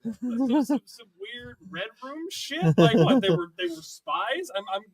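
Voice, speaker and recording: A man co-hosting a podcast, excitable and animated in casual chat. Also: very high-pitched, unhurried. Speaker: podcast co-host.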